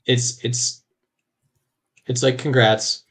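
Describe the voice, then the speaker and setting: A man co-hosting a casual podcast, rambling through his points with plenty of restarts and false starts. He laughs easily and keeps things conversational, in a middle-pitched voice. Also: flat delivery, very slow, fairly bright tone. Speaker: podcast co-host. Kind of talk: casual chat.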